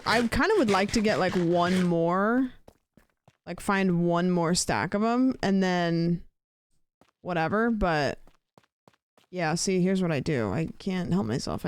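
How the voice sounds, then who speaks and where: A woman with a fairly low-pitched voice, recorded with no echo, hosts a casual gaming livestream. She swears freely as she plays, talking to herself and to her chat.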